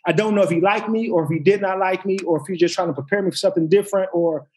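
His voice sits high and he races along: a former football player spinning casual stories. He acts out quotes with lots of animation, swears a good deal, and often backs up to restart a sentence.

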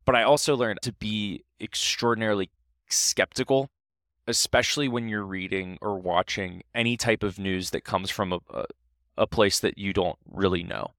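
A young man from Ohio, a podcast guest, telling a story in casual, animated talk full of restarts. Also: fairly low pitch, normal speed, no room sound, clean studio sound.

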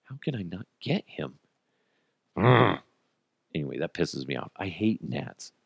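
A man in his thirties hosting a podcast, ranting crudely and comically with sudden jumps in pitch. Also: sing-song, unhurried, vocal fry, breathy edge, no room sound, studio quality. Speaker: podcast host. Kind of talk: casual comedic monologue.

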